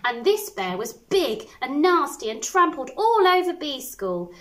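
A woman primary school teacher reading a picture book aloud to children, expressive with little asides. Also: high-pitched, unhurried, slight background noise, low-quality recording. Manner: animated, expressive storytelling with asides.

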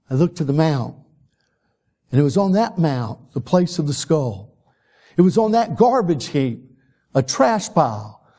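Male pastor, high voice, mellow dark tone, church sermon. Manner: impassioned preaching, dropping to a soft prayer. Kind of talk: sermon and closing prayer. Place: church sanctuary.

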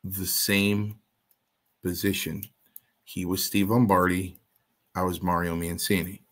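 A man's voice: low voice, little pitch movement, slow pace, a bit bright. A man guest in an interview, telling a story in a casual way and acting out the other voices in his quotes.

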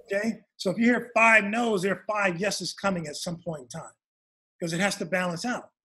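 Husky man telling stories warmly. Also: high-pitched, moderate pace. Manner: animated storyteller acting out quoted parents. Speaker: author and guest. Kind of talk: storytelling interview.

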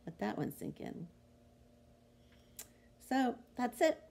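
Woman devotional host, husky low voice, lively expressive scripture reading. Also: slow. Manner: expressive, swings from emphatic to hushed. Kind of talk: reading scripture with short reflections.

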